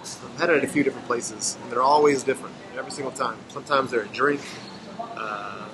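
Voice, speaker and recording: A man's voice: mid-range voice, fairly even intonation, fast. Chatty American man vlogging outdoors. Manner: chatty, thinks aloud with fillers. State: losing his voice. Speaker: travel vlogger. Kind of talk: casual travel vlog narration. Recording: noisy outdoor street sound.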